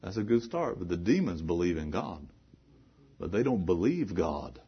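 A male preacher delivering a sermon, swinging between hushed, earnest talk and loud, emphatic preaching, and throwing rhetorical questions at the congregation. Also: low voice, sing-song, moderate pace, husky, highs cut off.

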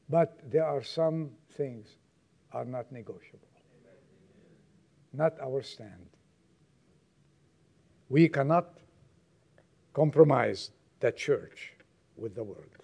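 A male pastor preaching a sermon to his congregation, emphatic and moving between loud exhortation and quiet, low asides. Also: gravelly.

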